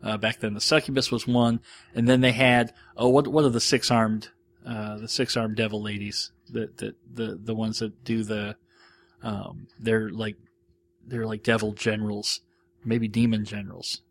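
A man's voice: fairly low pitch, flat delivery, moderate pace, gravelly. A man hosting a podcast, casually reading out and answering listener questions in a rambling, self-deprecating way. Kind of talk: casual monologue.

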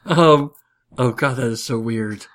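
A man's voice: medium pitch, a little slow, fairly bright tone. A man hosting a casual podcast, rambling and self-mocking, with lots of fillers. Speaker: podcast host.

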